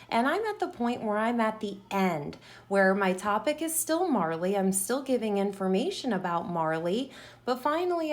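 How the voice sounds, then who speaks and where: A woman teacher modeling a writing lesson for young students, talking through each step as she writes and sounding words out. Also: mid-range voice. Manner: slow, deliberate, sounding words out while writing.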